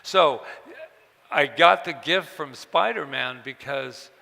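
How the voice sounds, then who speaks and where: A man telling personal stories to an audience at a book event, halting and repeating words, acting out the voices of people he quotes. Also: mid-range voice, gravelly, pushed and bright. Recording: long hall reverb.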